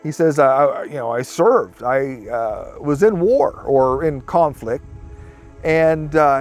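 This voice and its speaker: Brief: man with a slightly high voice, rambling storyteller, soft music underneath. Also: expressive, a little slow. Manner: rambling retelling with quoted speech. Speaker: interviewee recounting a sighting. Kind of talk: casual storytelling interview.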